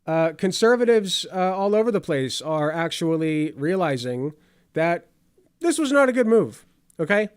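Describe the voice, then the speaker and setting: A man's voice: high voice, big pitch swings, unhurried, clean tone, dry recording, studio quality. A man hosting casual political commentary over clips, sarcastic and rambling with many fillers.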